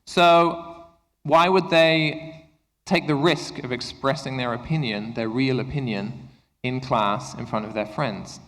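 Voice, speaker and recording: A man's voice: mid-range voice, takes it slowly, fairly bright tone. Man presenting a workshop in an echoey hall. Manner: engaging, often checks in with the room by asking "okay?". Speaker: workshop presenter for English teachers. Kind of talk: conference workshop talk. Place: conference lecture room.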